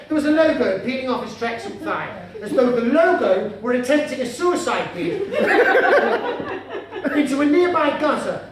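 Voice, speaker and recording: A male stand-up comedian with a formal, florid manner, addressing the audience as sir and madam, recorded live with heavy echo from a distance. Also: extremely high pitch. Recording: echoey live room from afar, noisy.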